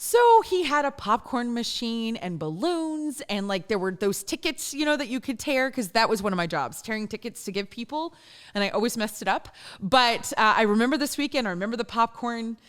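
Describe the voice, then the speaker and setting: A woman with a Louisiana accent hosts her own show from a studio in a chatty, self-deprecating monologue, often breaking into laughter. Her voice sits fairly high and swings widely. The sound is smooth and clear. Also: lively intonation, fairly quick, a bit bright. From northern Louisiana. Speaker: podcast host. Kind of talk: casual monologue.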